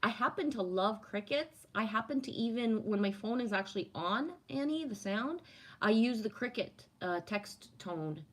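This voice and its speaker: A woman's voice: fairly high pitch, lively intonation, moderate pace. Casual woman reading her livestream chat. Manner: warm, affirming, spiritual musing with frequent "right?". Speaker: livestream host answering chat.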